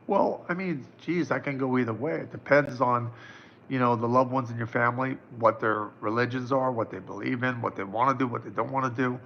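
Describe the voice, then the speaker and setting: A man's voice: mid-range voice, a little fast, gravelly, muffled recording, a little hiss or hum. A man in his fifties, a psychic answering viewers' questions on a live stream in a casual, reassuring way. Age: 50s. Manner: casual, reassuring, chatty with many fillers.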